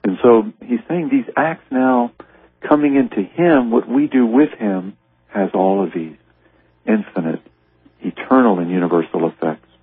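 A man's voice: lowish voice, measured pace, slightly rough, dry recording. A man teaching on a devotional text for radio. He reads passages aloud and explains them earnestly. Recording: narrow, tinny radio broadcast sound.

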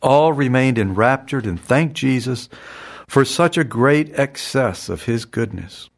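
A man reading a devotional text aloud and explaining it in an earnest, measured way, often repeating phrases. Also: mid-range voice, lively intonation, creaky. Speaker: spiritual teacher.

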